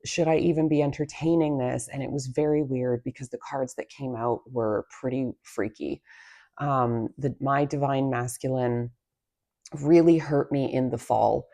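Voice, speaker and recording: A woman's voice: very deep voice, fairly even intonation, a little slow. A woman tarot reader talking to her viewers from a table in her home, half-whispering and rambling with many fillers. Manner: hushed, half-whispered talk. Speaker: tarot reader and channel host. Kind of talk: casual spoken monologue to viewers.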